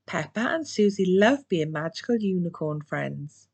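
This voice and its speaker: A British woman reading a children's storybook aloud, slow and expressive. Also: lowish voice, creaky. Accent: British English. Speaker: children's book reader.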